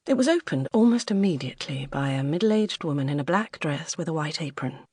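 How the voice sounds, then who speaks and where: A British woman narrating an audiobook in a measured, even manner. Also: low-pitched, breathy edge, dry recording, studio quality. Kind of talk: scripted narration.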